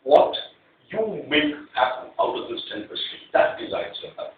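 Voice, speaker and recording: A middle-aged man giving a prepared speech at a club meeting, telling a personal story in an animated way. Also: normal speed, a little hiss or hum. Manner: animated storytelling, acts out quarrels. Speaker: club speaker. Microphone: clip-on mic, heard from afar. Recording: echoey hall, distant tinny mic.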